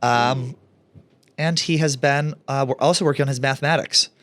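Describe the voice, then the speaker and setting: A man's voice: medium pitch, fairly even intonation, moderate pace, fairly bright tone, no room sound. Campy teasing male podcast co-host. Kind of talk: casual comedic chat.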